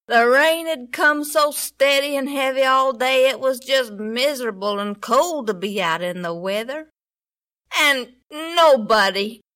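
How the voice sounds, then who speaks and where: A woman narrates a children's story in a high, lively voice. She lets her pitch rise and fall widely. Her telling is slow, tender and dramatic.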